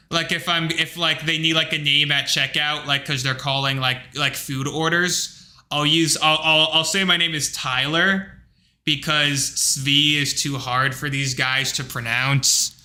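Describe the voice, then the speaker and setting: A man hosting a livestream, talking in a rambling, casual rant full of fillers and blunt asides. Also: a little high. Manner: rambling, filler-heavy, animated retelling; blunt, with occasional profanity. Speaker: livestream host.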